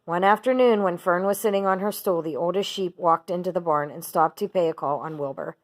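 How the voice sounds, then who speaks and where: A woman's voice: lowish voice, brisk, hardly any pauses. Woman reading a children's book aloud. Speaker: teacher.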